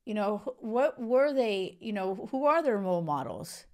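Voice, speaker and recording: A young woman living in Spain hosts a casual chat about a reality show, gushing and talkative, with lots of fillers and restarts. Her medium-pitched voice is a little mellow, with lively intonation at a moderate pace.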